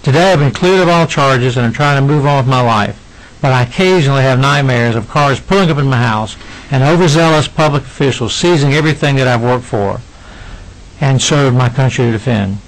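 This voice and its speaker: A middle-aged man, a citizen witness at a legislative hearing, reads prepared testimony to a committee, earnest and emotional with halting restarts. His voice is medium-pitched, and the audio is poor.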